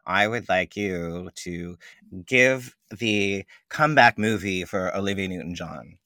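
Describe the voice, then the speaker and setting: A man guesting on a podcast, his low voice bright and forceful, recorded close and dry. He talks animatedly and slips into playful quoted voices. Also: measured pace, no echo. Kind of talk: casual chat.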